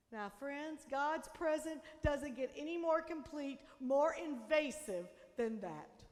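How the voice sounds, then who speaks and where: Woman preacher, high voice, goes from booming to hushed, big reverby church. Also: expressive, takes it slowly, hardly any pauses. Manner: emphatic, dramatic shifts between loud declarations and soft intimate lines. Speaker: pastor. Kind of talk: sermon. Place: church sanctuary.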